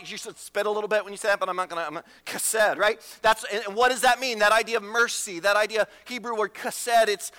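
A man's voice: high-pitched, bright, forceful tone, long reverb tail. A man preaching a sermon as pastor, emphatic, repeating phrases and asking rhetorical questions.

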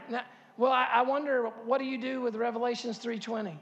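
Fifties male pastor, high-pitched and fervent, sanctuary with long reverb. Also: little pitch movement, quick pace, lo-fi sound. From Harkers Island, North Carolina. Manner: builds to loud impassioned preaching, repeats words, asks the crowd questions. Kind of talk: sermon. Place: church sanctuary.

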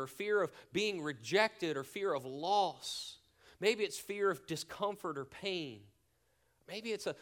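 Earnest male pastor with hushed drops. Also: a little high. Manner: earnest, pausing, dropping to a hushed near-whisper for emphasis; leads a spoken prayer. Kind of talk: sermon.

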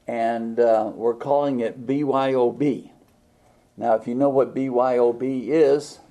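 Male preacher, warm gravelly voice, slightly husky, folksy and halting delivery. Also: medium pitch. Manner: folksy, halting, with frequent fillers and restarts. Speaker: pastor. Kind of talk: sermon.

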